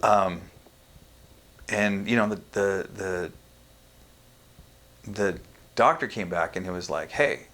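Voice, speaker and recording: Low-voiced man telling a story frankly. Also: fairly bright tone. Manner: frank and profane, halting with many fillers. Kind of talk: casual podcast storytelling.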